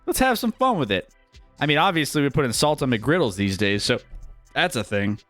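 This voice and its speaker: A man hosting a live sports betting stream, talking in a relaxed, rambling way with loose filler words. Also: medium pitch, fairly quick, dry recording, soft background music. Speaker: sports betting show host.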